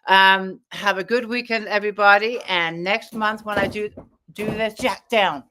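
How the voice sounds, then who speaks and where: A woman author talks loosely with viewers on a live stream and keeps turning aside to speak to her dog. Her talk is relaxed and full of "um" and "so yeah". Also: mid-range voice, normal speed. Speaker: author hosting a live chat. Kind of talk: casual live-stream chat.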